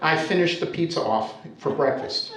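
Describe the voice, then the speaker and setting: A man's voice: fairly high pitch, normal speed, a crowd in the background. American man telling stories on stage. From United States. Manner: conversational, animated, checks in with listeners. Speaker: storyteller. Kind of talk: live storytelling to an audience. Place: storytelling center, indoor stage. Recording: roomy echo of a hall.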